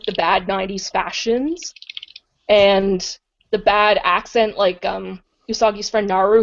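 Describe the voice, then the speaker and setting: A woman's voice: medium pitch, vocal fry. A woman co-hosting a podcast in casual chat, chatty and enthusiastic and often saying "like". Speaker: podcast co-host. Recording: dull lo-fi podcast audio.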